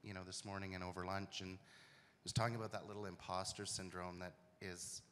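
A man's voice: low voice, level tone, fairly quick, fairly bright tone. A man on a panel speaking candidly and emotionally about his lived experience, earnest and hesitant. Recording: echoey hall with faint noise.

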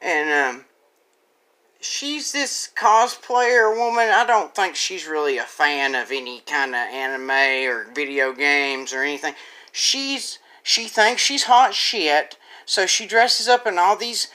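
A woman's voice: low voice, lively intonation, slow pace, pushed and bright. Crude, ranting woman commentator. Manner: crude, profane, rambling with restarts. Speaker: online commentator. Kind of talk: angry rant.

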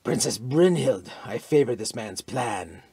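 A man's voice: medium pitch, lively intonation, a little slow, mellow, slightly rough, dry recording. A man reading the part of a sullen, savage chieftain in an audiobook, in a scornful manner.

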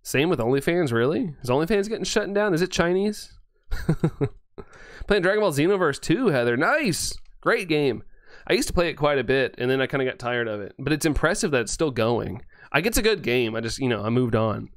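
A male game streamer reading his live chat aloud, excitable and quick to thank viewers, laughing often. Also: a little high, dry recording, studio quality.

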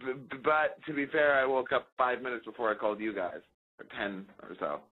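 A man's voice: medium pitch, expressive, a little fast. Joking man on a tinny phone line. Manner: joking, rambling, laid-back. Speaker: musician guest. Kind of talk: casual phone interview.

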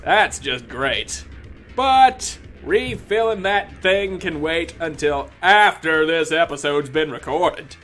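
A man doing angry gameplay commentary, ranting, yelling and cursing at the game, then muttering low under his breath between outbursts. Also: expressive, slow, faint music behind. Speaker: gaming video creator.

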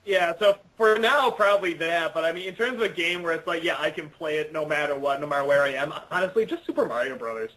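A man's voice: on the high side, quick pace, hardly any pauses, sharp tone, low-quality recording. A young man answering interview questions over a video call, rambling and self-deprecating with lots of fillers and restarts. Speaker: interview guest. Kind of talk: casual interview chat.

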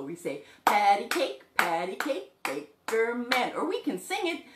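A young woman hosting a sing-along show for toddlers, talking slowly and playfully to small children. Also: medium pitch, very animated, reverberant, a little hiss or hum. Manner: slow, exaggerated, playful talk to small children. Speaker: children's music teacher and show host.

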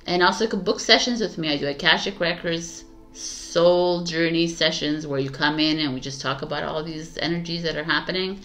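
A woman tarot reader with a deep, somewhat bright voice chats a little quickly with her viewers about spiritual matters. She's affectionate, laughs often, and tends to repeat herself.

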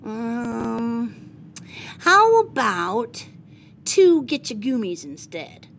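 A woman's voice: very animated, extremely slow, creaky, a bit bright, a little hiss or hum, full character voice. Woman voicing a whiny dramatic little boy. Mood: bargaining. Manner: pleading, theatrical, high-pitched.

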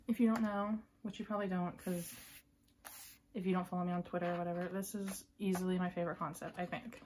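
A woman vlogger unboxing a photobook, gushing and excitable, often dropping into breathy whispers. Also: on the low side, quick pace, a little hiss or hum. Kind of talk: casual unboxing commentary.

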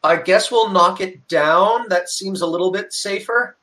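Slightly high-voiced male player. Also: a little slow, bright, forceful tone. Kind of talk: casual tabletop play.

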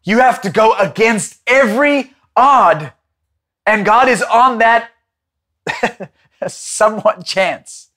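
Leading a Bible study, this man from South Africa tells dramatic stories, his delivery moving between excitement and hushed tones. He speaks with a high voice, slowly, leaving long pauses.

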